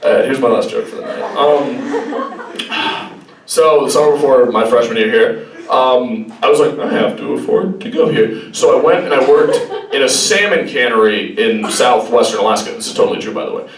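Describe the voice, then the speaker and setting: A young man performing a stand-up set, deadpan storytelling broken by sudden high-pitched voices. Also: normal speed, a crowd in the background. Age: young adult. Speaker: student stand-up comedian. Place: campus hall before a live audience. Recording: roomy live hall, distant mic, audience laughter. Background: audience laughing.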